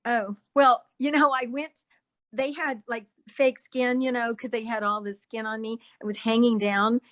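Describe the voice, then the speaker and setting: A woman with a slightly higher voice tells stories from her acting career in an easy, chatty way. She laughs often and drops into accents to act out the people she talks about. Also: steady tone, moderate pace, a bit bright. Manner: laughs often, mimics accents mid-story. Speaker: guest actress. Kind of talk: casual storytelling chat.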